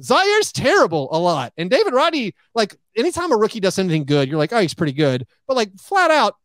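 A man talking as a guest on a podcast, animated, full of "like" and acting out what other people say. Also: high-pitched, a little fast, no echo. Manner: animated, acts out quoted remarks, heavy use of "like". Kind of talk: casual podcast chat.

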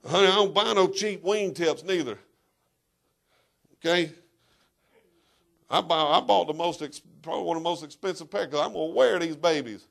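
A man preaching a sermon as pastor in a church, emphatic and animated, breaking into shouts and talking straight to the congregation. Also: fairly high pitch, moderate pace, creaky, pauses often.

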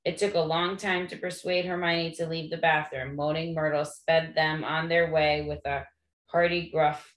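A woman reading a novel aloud to listeners in a gentle, friendly way. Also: sits low, flat delivery, normal speed. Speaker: read-aloud host. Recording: echoey room.

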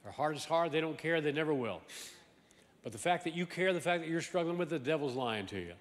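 Pastor, male, higher-pitched, emphatic sermon delivery in a reverberant sanctuary. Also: quick pace. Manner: emphatic, swings from loud exclamations to low asides; animated, repeats words and restarts. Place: large church sanctuary.

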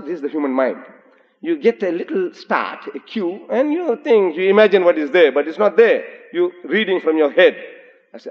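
Older man lecturing in an echoey hall. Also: on the high side. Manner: animated storyteller, slow for emphasis, recites Arabic. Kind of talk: public lecture with storytelling. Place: large hotel lecture hall. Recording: dull, echoey 1980s lecture hall recording.

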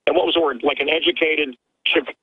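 An emphatic man speaks over a tinny phone line, his voice a little higher than most men's. He stumbles through repeated words as he pushes his point. The sound is dry and close, with no room around it. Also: steady tone, fairly quick, husky, no echo. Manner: emphatic, stammering restarts. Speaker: radio host calling in as guest. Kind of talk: animated call-in conversation. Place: his own radio studio. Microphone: telephone line.

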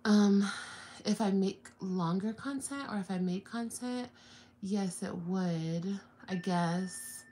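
A woman's voice: mid-range voice, takes it slowly, mellow, slight background noise. A young woman vlogger chatting casually on a livestream from home, often slipping into playful, laughing baby talk with her little son.

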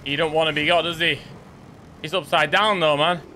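A man's voice: fairly high pitch, steady tone, moderate pace, bright, forceful tone, a little hiss or hum. A young man chatting casually and rambling with jokey asides while live-streaming a shooter game.

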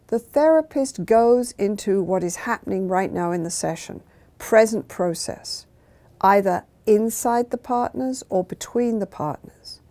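Measured woman explaining therapy, mellow voice. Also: medium pitch. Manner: measured, acts out therapist and client lines in quotes. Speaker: therapist explaining her method. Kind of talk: calm explanatory talk.

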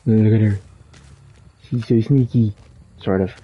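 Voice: mid-range voice, fairly even intonation, unhurried, husky, lo-fi sound. A streamer giving live gameplay commentary while playing the killer, teasing the other players. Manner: playful, teasing the players being hunted.

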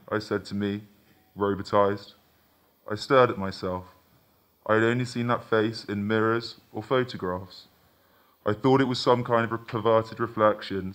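A man reading his own first-person short story aloud in a measured, intimate way. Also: lowish voice, a bit bright.

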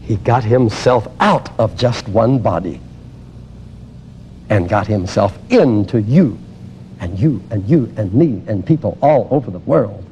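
An older man preaching a teaching sermon on healing, emphatic and exuberant, dropping to a hush and then rising to loud exclamations. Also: lowish voice, expressive, measured pace, dull audio, a little hiss or hum.

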